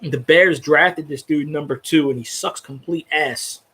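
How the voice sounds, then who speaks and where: A man's voice: fairly high pitch, unhurried, a bit bright, husky. A man ranting bluntly about football in a casual chat, swearing freely and restarting his sentences as he goes. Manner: profane, blunt, rambling with restarts. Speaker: sports fan commentator.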